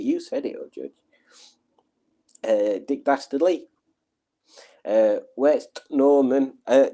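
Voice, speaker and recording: A middle-aged man, hosting a livestream at home in a relaxed, rambling, self-deprecating way while reading out viewer comments. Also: mid-range voice. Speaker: livestream host.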